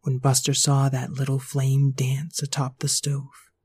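A storyteller narrating a scripted children's story in a playful, expressive way. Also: mid-range voice, measured pace, husky, dry recording.

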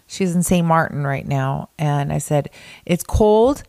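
A woman with a very low voice, co-hosting a relaxed daily podcast. She tells gossipy stories and jumps up high to mimic others. Her sound is dry and close to the mic. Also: moderate pace, gravelly, dry recording. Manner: gossipy, breaks into high-pitched quoted voices. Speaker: co-host. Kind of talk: casual podcast chat.

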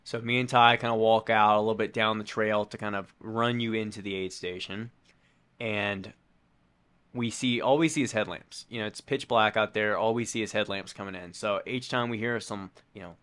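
A man co-hosting a casual podcast chat, telling a story in a relaxed, jokey way. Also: fairly low pitch, normal speed, smooth. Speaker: co-host and race crew member.

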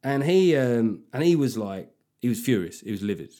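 Animated, sweary man. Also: mid-range voice, moderate pace. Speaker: podcast host. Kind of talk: comedic podcast monologue.

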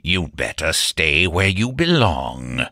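A man's voice: deep voice, sing-song, sharp tone, no room sound, studio quality, exaggerated voice. A man doing a growling sinister butler. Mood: menacing. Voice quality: thick, growling. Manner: slow, menacing. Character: huge sinister middle-aged male butler, suspicious.

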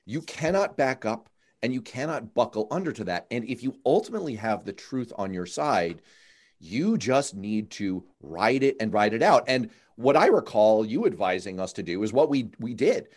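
A man hosting a podcast, telling stories in an emphatic, animated way. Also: medium pitch, normal speed. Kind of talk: podcast conversation.

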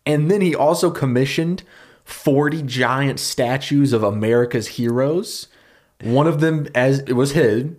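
A man telling a story on a comedy podcast, talking fast and loosely. He piles on fillers and jokes as he goes. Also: medium pitch. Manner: fast, animated retelling with fillers and laughs. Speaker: podcast co-host pitching a story.

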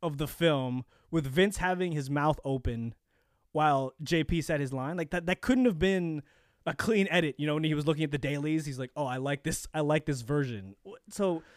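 A man's voice: fairly high pitch, moderate pace, no echo. Rambling man co-hosting a podcast, dry sound. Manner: rambling, restarts often, laughs. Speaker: podcast co-host. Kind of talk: casual chat.

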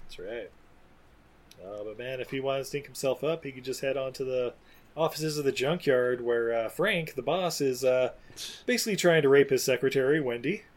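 A man's voice: medium pitch, normal speed. A man hosting a casual chat about a film, rambling loosely, laughing often and swearing.

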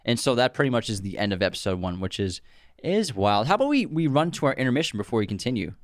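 A man in a mid-pitched voice, co-hosting a relaxed chat and piling on superlatives as he talks. The sound is dry and close to the mic, with no room around it. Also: fast, no echo. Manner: excitable, exaggerating. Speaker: podcast co-host. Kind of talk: casual chat.

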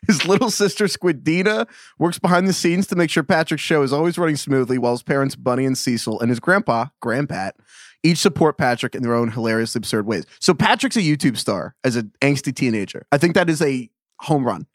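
Lively man with an animated delivery. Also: medium pitch, no echo, studio quality. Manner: animated, laughs easily, quick to banter. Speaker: podcast co-host. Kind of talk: casual chat.

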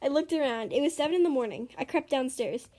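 High-voiced girl reading her story aloud. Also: fast talker. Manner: earnest, expressive, some stumbles.

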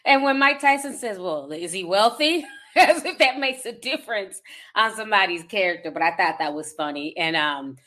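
A woman's voice: mid-range voice, normal speed, pushed and bright. Sassy chatty woman vlogger. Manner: chatty and sassy, calls listeners honey and child. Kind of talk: casual commentary.

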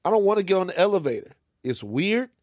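A man from Louisiana, co-hosting a casual comic chat and telling lively stories. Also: high voice, quick pace, no room sound. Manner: animated storyteller, acts out other voices. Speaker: podcast co-host.

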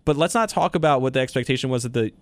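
A young man hosts a sports podcast alone. His voice sits at a middle pitch, and he sounds opinionated, rambling through long thoughts with the odd "um" and "uh". The mic is close and dry, with no room sound. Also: rapid-fire, dry recording. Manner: opinionated, talks in long run-on thoughts with fillers. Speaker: podcast host. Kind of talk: solo sports podcast commentary.

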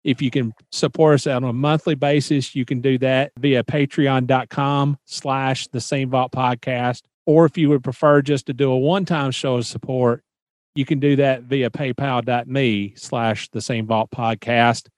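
A man's voice: mid-range voice, fairly even intonation, normal speed, dry recording, studio quality. A man hosting a podcast, reading a plain announcement and asking questions in a conversational way. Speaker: podcast host. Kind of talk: casual interview.

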